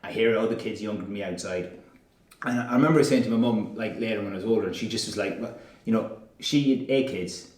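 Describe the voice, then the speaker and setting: A man's voice: on the low side, fast talker, a little mellow, roomy sound, recorded from a distance. A man in his thirties from Ireland with a Sligo accent, talking casually as an interview guest, rambling with lots of fillers and restarts and laughing easily. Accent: Irish, Sligo.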